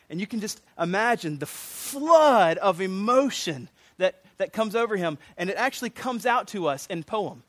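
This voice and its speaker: A man's voice: high voice, lively intonation, moderate pace, fairly bright tone, no room sound. A man preaching a sermon as pastor, conversational and plain-spoken.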